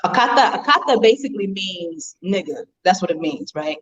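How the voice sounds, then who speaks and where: A woman guest in an interview, telling stories in an animated, emphatic way with frequent rhetorical asides. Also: lowish voice, moderate pace. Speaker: public relations professional, interview guest. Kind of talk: casual storytelling in an interview. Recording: dull lo-fi sound.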